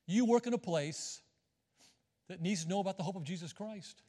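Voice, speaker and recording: A man's voice: high voice, moderate pace, warm tone. A middle-aged man preaching a sermon as a visiting missionary, folksy and joking with the congregation. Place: church sanctuary. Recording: long reverb of a church hall.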